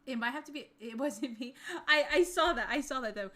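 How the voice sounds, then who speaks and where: A woman streamer chatting casually and excitedly with her chat, speaking into a desk mic set back from her mouth. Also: sits high, fairly quick. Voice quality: bubbly, chatty, talks to chat. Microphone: desk mic, not close to mouth.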